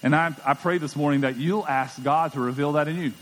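A man's voice: a little high, fairly even intonation, brisk, fairly bright tone, slight background noise. A middle-aged man preaching a sermon as pastor, conversational and emphatic, often repeating words as he goes. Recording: long church hall reverb.

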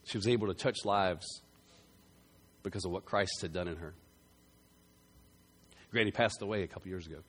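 A man preaching a sermon, telling a story with loud bursts that drop to quiet, earnest passages. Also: low-pitched, normal speed, long pauses, breathy edge. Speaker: pastor.

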